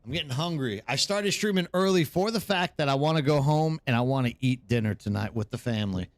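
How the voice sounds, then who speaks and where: A tired male streamer chatting casually into his streaming mic, rambling from one thought to the next. His voice sits at an ordinary middle pitch. The sound is dry and close, with no room around it. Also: expressive, a little fast, no room sound. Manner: rambling, answers chat by name. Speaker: live streamer. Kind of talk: casual live stream chat.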